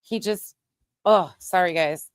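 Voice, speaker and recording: A woman's voice: lowish voice, takes it slowly, clean tone, dry recording, studio quality. A woman hosting a livestream, chatting casually and thanking viewers by name. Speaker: channel host.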